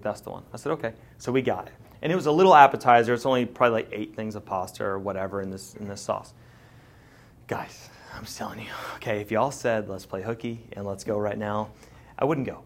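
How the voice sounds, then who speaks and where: A man in his thirties gives a sermon as the pastor. He talks in a loose, conversational way, full of asides and jokes, at an ordinary middle pitch.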